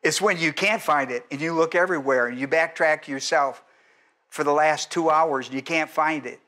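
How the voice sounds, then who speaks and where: Animated preacher, a man with a higher voice. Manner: animated, quizzes the congregation with questions. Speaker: pastor. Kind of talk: expository sermon.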